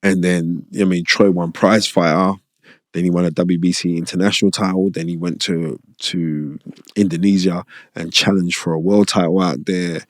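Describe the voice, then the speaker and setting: Middle-aged man, low voice, animated streetwise storyteller, dry studio sound. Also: moderate pace, dry recording. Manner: animated, repeats phrases, streetwise slang. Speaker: boxing pundit and former boxer. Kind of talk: casual storytelling interview.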